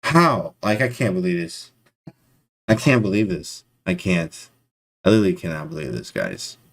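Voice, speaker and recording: A man commentating chess live to his stream chat, excitable and disbelieving, talking in casual slang. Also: low voice, normal speed, vocal fry.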